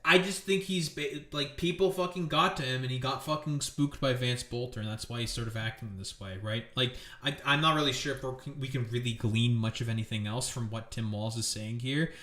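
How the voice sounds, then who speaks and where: A man's voice: mid-range voice, brisk, hardly any pauses, a bit bright. A man hosting his stream with a political commentary rant. He talks in a profane, angry and sarcastic way. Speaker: streamer host. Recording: echoey room.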